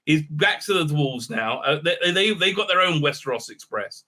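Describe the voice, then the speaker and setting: A man's voice: a little high, expressive, normal speed, pushed and bright. Sarcastic man rambling through a review. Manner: rambling, sarcastic, heavy filler words. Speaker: TV series reviewer. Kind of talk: casual episode recap and review.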